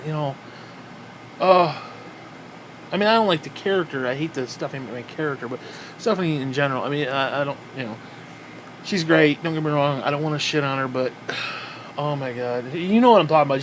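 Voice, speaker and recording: A man's voice: a little high, a little fast, slight background noise. A man ranting in a wrestling review, profane and exasperated, with frequent sighs.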